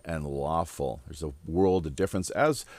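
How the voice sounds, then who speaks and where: A man's voice: a bass voice, darkish tone, no room sound. A man hosting a casual podcast round-table, rambling with lots of fillers. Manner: rambling, filler-heavy, deliberate. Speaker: podcast host.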